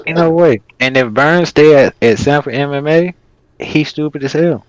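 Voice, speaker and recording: A man's voice: a little high, moderate pace, slight background noise, low-quality recording. Profane, heated man ranting on a podcast. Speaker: podcast host. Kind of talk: casual podcast debate.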